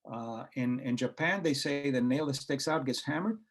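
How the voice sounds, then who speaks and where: A man's voice: medium pitch, normal speed. A man talking in a conversational interview, telling anecdotes and acting out quoted dialogue, with frequent hesitations and restarts. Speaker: guest author and researcher.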